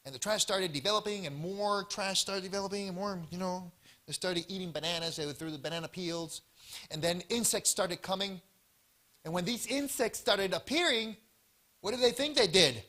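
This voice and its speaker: Male health-talk presenter, animated storyteller; bright, fairly high voice. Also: normal speed. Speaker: health seminar speaker. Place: church event hall.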